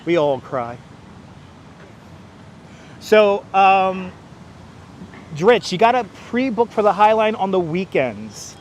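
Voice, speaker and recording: High-pitched guy streaming live on a walk through a city park, clip mic, cracks jokes at chat, faint traffic behind. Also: very animated, slow, pauses often. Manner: jokey, breaks into playful singing, reads out viewer names. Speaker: livestream host. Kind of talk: walking livestream chat. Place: outdoors on an elevated city park walkway. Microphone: wireless clip-on mic, phone on gimbal.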